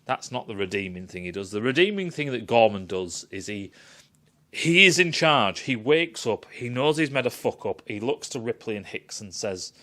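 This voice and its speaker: Animated, swearing man ranting. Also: mid-range voice, normal speed. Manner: animated, swears a lot, acts out quotes. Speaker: film reviewer. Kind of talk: ranting film critique.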